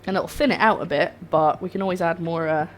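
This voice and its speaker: Cooking at home on a live stream, a young woman chats and rambles to her viewers in a fairly low-pitched voice, talking fast. Faint music plays behind her, and there's a slight hiss or hum.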